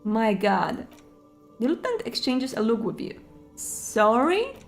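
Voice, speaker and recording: High-voiced young woman playing a game. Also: huge pitch swings, a little slow, soft background music. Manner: chatty, muttering to herself. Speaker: let's play host. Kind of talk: game commentary and reading game text aloud.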